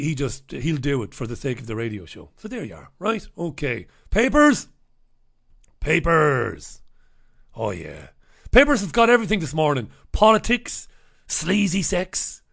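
Rambling, jokey male host. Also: a little high. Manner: irreverent, rambling, jokey banter. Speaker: radio show host. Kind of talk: casual live show chat, reading out listener messages.

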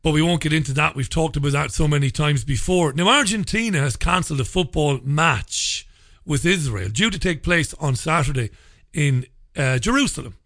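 A man's voice: a little high, lively intonation, moderate pace, fairly bright tone, dry recording, studio quality. A man hosting a radio talk show, delivering an opinionated, sarcastic and profane monologue. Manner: sarcastic, profane, ranting with mocking laughter.

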